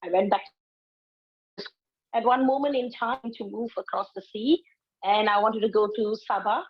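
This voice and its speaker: A woman's voice: medium pitch, normal speed, husky, highs cut off. A woman, giving a motivational speech and telling stories expressively, acting out her own inner voice. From Malaysia. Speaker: invited speaker, public speaking teacher.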